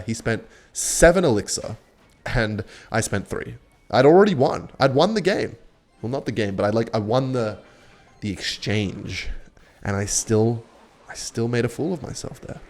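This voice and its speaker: A young man giving casual, sarcastic play-by-play of his own match, boastful and quick to swear. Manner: cocky, sarcastic, swears a lot, lively pitch swings. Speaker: gaming content creator. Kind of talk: live gameplay commentary.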